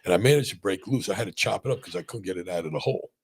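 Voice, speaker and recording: A man hosting a casual podcast conversation as a spine surgeon, telling animated stories and often checking in with "right?". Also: low-pitched, very fast, husky. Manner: animated storyteller, many restarts and "right?" checks.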